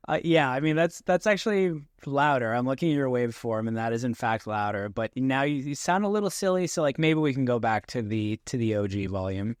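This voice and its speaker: A man hosting a podcast in a relaxed, chatty way, speaking into a desk microphone. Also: medium pitch, fairly quick, no room sound, studio quality. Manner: relaxed, chatty, with restarts and small laughs. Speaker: podcast host. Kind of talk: casual podcast talk. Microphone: desk mic.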